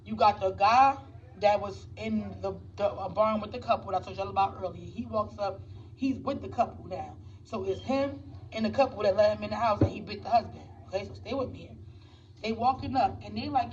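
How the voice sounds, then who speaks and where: A woman's voice: medium pitch, brisk, darkish tone. A woman casually recapping a movie at home for her viewers, rambling with many restarts and talking straight to them. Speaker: movie reviewer. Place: home with children nearby. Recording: distant, dull mic with faint background noise.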